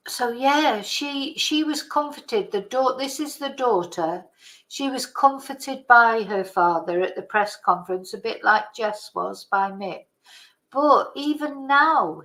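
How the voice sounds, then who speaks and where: A woman talks through a news case on her channel and reads articles aloud. She speaks slowly and hesitantly and trips over hard names. Her voice sits a little high. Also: lively intonation, fairly bright tone, low-quality recording. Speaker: channel host. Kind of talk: casual commentary, reading articles aloud.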